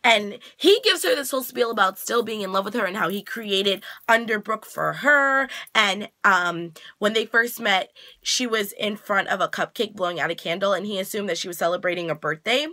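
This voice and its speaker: A woman's voice: medium pitch, normal speed, bright, forceful tone. A woman vlogger recapping a TV episode in a chatty, casual way with slangy asides.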